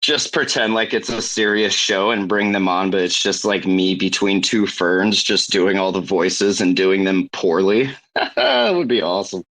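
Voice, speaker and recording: A man's voice: deep voice, animated, a little slow, fairly bright tone, poor audio. A man on an online panel chatting casually, blunt and profane, playing devil's advocate with jokes.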